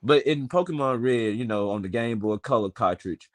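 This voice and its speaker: A man's voice: medium pitch, moderate pace. A man in his twenties from Memphis with a Southern accent, chatting casually on a stream with profane slang and long rambling stories. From Memphis, Tennessee. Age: 20s. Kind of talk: casual chat.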